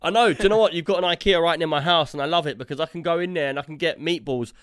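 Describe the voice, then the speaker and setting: A man's voice: on the high side, very fast, fairly bright tone, clear, resonant tone, no room sound, clean studio sound. A man co-hosting a podcast, chatty and playful, acting out quoted lines in casual chat. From Britain. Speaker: podcast co-host.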